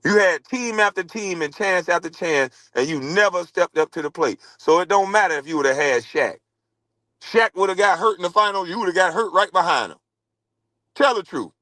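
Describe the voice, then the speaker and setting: A man on a heated rant, mocking and scornful, his voice pitched on the high side. The sound is close and dry, with no room in it. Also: lively intonation, moderate pace, bright, forceful tone, dry recording, low-quality recording. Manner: scornful, mocking, repeats taunts. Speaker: former pro basketball player. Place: podcast studio.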